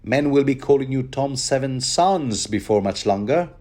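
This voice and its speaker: A man voices a prim, chiding middle-aged noblewoman in an arch, raised voice, pitched above his own yet close to an everyday voice. The delivery has medium pitch, lively intonation, normal speed and a slightly mellow tone.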